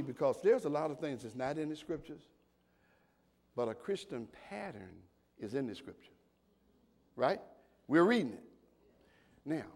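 A man preaching a sermon, calling out to the congregation and building to shouts. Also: fairly high pitch, creaky. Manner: call-and-response preaching, rising to shouts. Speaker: pastor.

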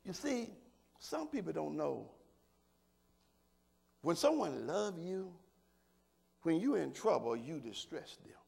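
An older man preaching a sermon, swinging from low murmurs to shouted preaching and throwing questions to the congregation. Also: sing-song, slow, creaky, long pauses, slightly rough. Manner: call-and-response asides to the congregation. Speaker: pastor.

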